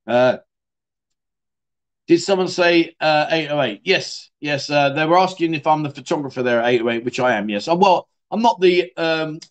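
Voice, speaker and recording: A middle-aged man chats loosely on a livestream. He answers viewers in a blunt, joking way and keeps calling them mate. His voice sits a little higher than most men's. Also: normal speed. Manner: chatty, blunt, swears, jokey, says mate a lot. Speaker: livestream host. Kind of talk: casual chat reading viewer comments.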